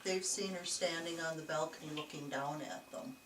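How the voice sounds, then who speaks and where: A woman telling a chatty, animated story indoors in an old jail, laughing easily. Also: low-pitched, moderate pace. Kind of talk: casual storytelling to investigators. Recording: echoey, distant, noisy camcorder audio.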